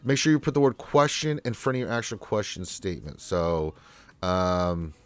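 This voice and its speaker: A man's voice: sits low, fairly even intonation, normal speed. A man hosting a live question-and-answer stream, congested from allergies, talking in a rambling, laid-back way to his chat viewers. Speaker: livestream Q&A host.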